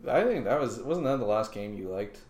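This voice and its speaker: A man's voice: on the low side, very animated, brisk, darkish tone. A man co-hosting a casual chat, making dry, laid-back remarks. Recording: roomy echo.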